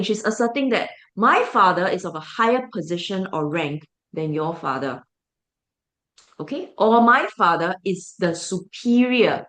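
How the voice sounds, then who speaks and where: A woman's voice: medium pitch, a bit bright. A woman teacher with a Singaporean English accent walks a class through how to answer questions. She keeps asking the students questions and then answering them herself. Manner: explanatory, asks the class rhetorical questions.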